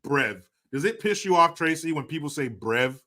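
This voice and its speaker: A man's voice: on the high side, expressive, a little fast, pushed and bright. A man in his forties hosting a live stream, casually chatting and reading out viewer comments in a jokey, profane way, laughing often. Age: 40s.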